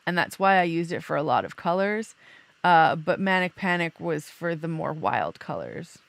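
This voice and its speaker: Woman podcast host, chatty and loose, easy laugh, gravelly edge, dry close sound. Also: low voice, big pitch swings, normal speed, dry recording. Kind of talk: casual chat.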